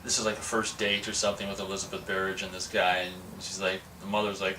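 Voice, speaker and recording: Man, casual movie review, rambling, bright voice, a bit far from the mic, faint hiss. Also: low voice, level tone, fast, few pauses. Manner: rambling, digressive, acts out quotes. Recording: distant mic with faint noise.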